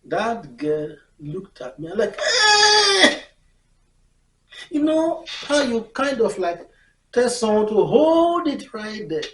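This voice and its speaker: A woman telling a personal story in an expressive way, laughing often and acting out the scenes. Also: mid-range voice, slow pace. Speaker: storyteller vlogger. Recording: echoey room, mic far off.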